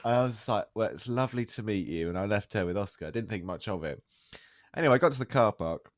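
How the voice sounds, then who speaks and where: A young man with a lowish voice tells a story on a casual podcast and acts out both sides of a phone call. His pitch swings widely as he goes. The sound is close and dry, with no room in it. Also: expressive, quick pace, dry recording. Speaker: podcast co-host. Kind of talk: casual chat.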